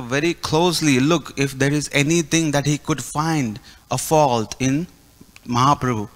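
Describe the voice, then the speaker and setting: Bright-voiced preacher telling a story. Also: male voice, on the high side, big-room sound. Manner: animated, acts out dialogue. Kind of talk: storytelling sermon. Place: temple hall.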